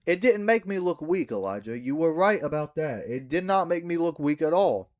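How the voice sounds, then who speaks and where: Animated and a little mellow, a young backyard wrestler with a fairly high voice rants at normal speed to the camera. The monologue targets a wrestling match finish, full of swearing and mocking reenactment.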